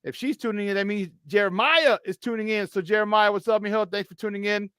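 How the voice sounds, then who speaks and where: This is a male sports talk host with a notably high voice, rattling off scores in an animated, joking way. The sound is dry and close, with no room around it. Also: fast talker, smooth, no room sound. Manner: animated, chatty, joking, excitable. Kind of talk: morning sports talk show.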